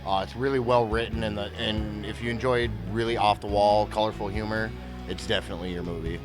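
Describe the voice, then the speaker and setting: A man's voice: on the low side, steady tone, fairly quick, over music. A man answering interview questions hesitantly, with many uhs and repeated words. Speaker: interview guest.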